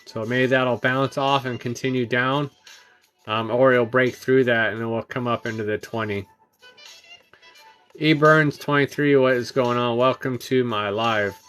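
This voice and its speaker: A man's voice: mid-range voice, clean tone. Tired male streamer, mid-range voice, loose filler-heavy chart talk, light music bed. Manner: relaxed, halting, many ums and uhs, greets chat viewers. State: tired, yawning. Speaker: trading livestream host. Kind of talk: casual live-stream chart commentary.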